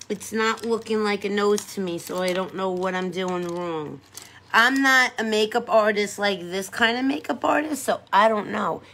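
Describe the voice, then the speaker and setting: A woman's voice: mid-range voice, a bit bright, slight background noise. A middle-aged woman chatting casually with viewers on a live stream as she does her makeup, giggling and talking to her audience as she goes. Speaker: makeup vlogger.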